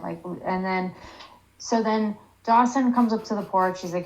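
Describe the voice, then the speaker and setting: A woman's voice: a little high, normal speed, a little mellow, dull audio. A woman co-hosting a casual podcast, blunt and opinionated, who swears freely.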